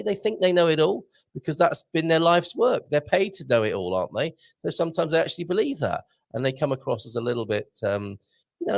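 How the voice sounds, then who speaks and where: A man hosting a live online show, rambling excitably to viewers and reading the chat. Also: medium pitch, creaky. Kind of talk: casual live-stream chat.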